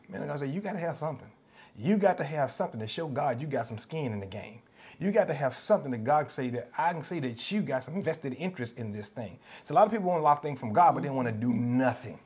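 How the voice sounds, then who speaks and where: A man's voice: medium pitch, expressive, quick pace, a little mellow, breathy edge. A man with a Southern US accent preaching a sermon, emphatic and repetitive, acting out the voices of the people he quotes. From United States. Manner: passionate, emphatic, repeats phrases, acts out quoted voices. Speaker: pastor.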